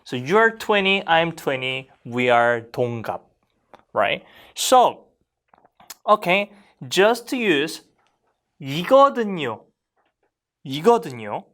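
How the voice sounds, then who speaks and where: A Korean language teacher explaining grammar to learners, modeling phrases slowly so students can repeat them and checking in with frequent questions. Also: medium pitch. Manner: lively, questioning classroom delivery.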